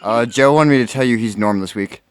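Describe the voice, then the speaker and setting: A man co-hosting a casual podcast with a low-key, dry delivery, reading out a product description. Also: a little fast, clear, resonant tone, no room sound. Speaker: podcast co-host.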